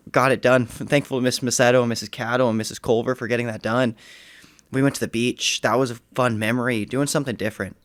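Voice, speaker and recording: A young man, a graduating high school senior, talking earnestly and reflectively in a casual podcast interview. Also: dry recording. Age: young adult. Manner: earnest, reflective, some restarts.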